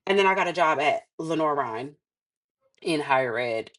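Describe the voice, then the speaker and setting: Lively low-voiced woman telling a story. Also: moderate pace. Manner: animated, laughs often, acts out what others said. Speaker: podcast guest. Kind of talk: casual storytelling.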